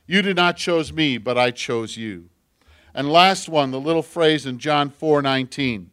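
A male pastor preaching a sermon in an earnest, personal storytelling way, swinging from loud emphatic lines to hushed near-whispers. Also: on the high side, a little slow, smooth.

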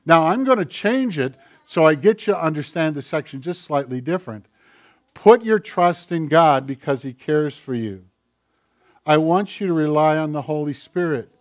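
Animated higher-voiced male preacher. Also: normal speed. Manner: animated, acts out quoted voices, conversational asides to the congregation. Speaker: pastor. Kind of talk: sermon.

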